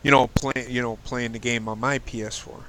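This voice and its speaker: Bright-voiced joking male stream host. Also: mid-range voice, steady tone, fairly quick, a little hiss or hum. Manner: joking, swears, laughs loudly. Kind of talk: casual chat.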